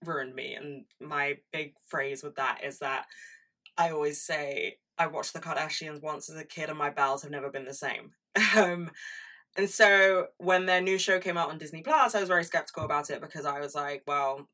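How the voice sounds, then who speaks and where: A woman's voice: low voice, normal speed, sharp tone, distant mic. A woman in her twenties hosting a solo podcast, chatty and casual, swearing freely and laughing often. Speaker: podcast host.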